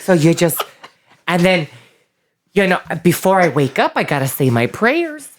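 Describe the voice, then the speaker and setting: A man's voice: sits high, big pitch swings, measured pace. A man putting on a voice as a perky, busy suburban mom chattering like an infomercial.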